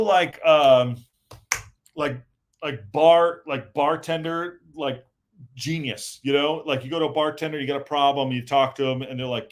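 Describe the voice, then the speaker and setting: A man's voice: mid-range voice, moderate pace. A man hosting a casual live-stream podcast, reading the chat aloud and rambling with lots of fillers and restarts. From United States.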